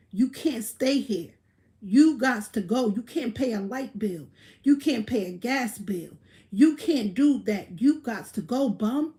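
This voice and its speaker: Slow-talking blunt woman ranting on a livestream. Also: on the high side, a little mellow. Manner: blunt, profane, boastful. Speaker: livestream host. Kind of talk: casual livestream rant.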